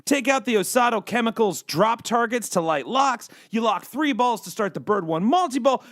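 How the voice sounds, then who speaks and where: A man hosting a casual live stream in an arcade, joking and rambling excitedly. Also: very high voice, moderate pace, few pauses. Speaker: stream host.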